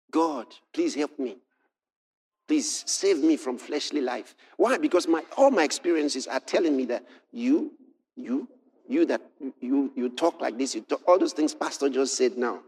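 High, lively male preacher. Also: slightly rough. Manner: animated storytelling, swings from hushed to shouted exclamations. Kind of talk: sermon.

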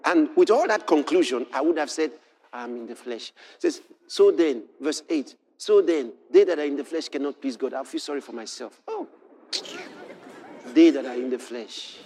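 A man preaching a sermon, telling a personal story with animated delivery that moves between hushed passages and shouted exclamations. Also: fairly high pitch, normal speed.

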